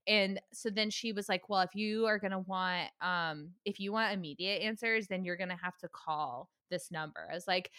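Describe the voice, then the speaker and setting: A woman's voice: mid-range voice, moderate pace, few pauses, bright, forceful tone, no room sound, clean studio sound. A young woman in casual chat, animatedly retelling a frustrating story with quoted dialogue, swearing and laughing.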